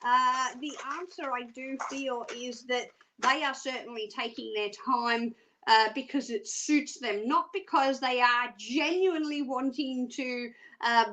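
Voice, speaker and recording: A woman's voice: sits high, bright, forceful tone, rough recording. An Australian woman presenting live psychic readings on television, chatty and self-mocking with frequent giggles. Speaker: psychic phone-line presenter.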